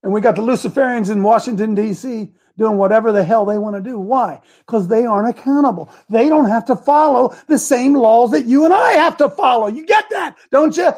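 A man giving a fiery political speech to a crowd, shouting rhetorical questions. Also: very high-pitched, fairly quick, few pauses. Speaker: speaker addressing a crowd.

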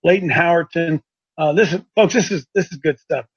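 A folksy man from Ohio hosts a casual broadcast, his voice sitting high for a man. He talks excitably and circles back over his own words. The recording sounds dull and lo-fi. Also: fairly quick, slightly rough. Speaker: host.

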